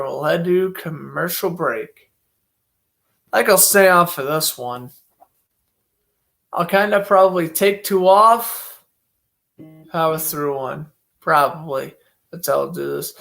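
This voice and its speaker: A man's voice: on the high side, slow pace, creaky, pauses often, fairly bright tone. Chatty young man calling a game. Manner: chatty, thinks aloud, many fillers. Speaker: amateur play-by-play commentator. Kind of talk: casual solo game commentary.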